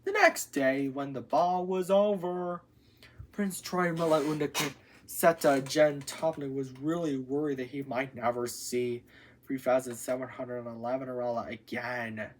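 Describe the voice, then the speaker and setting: Lively woman telling a parody fairy tale. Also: extremely low pitch, measured pace, slight background noise. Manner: lively storytelling, stumbles over long names. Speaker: channel host and storyteller.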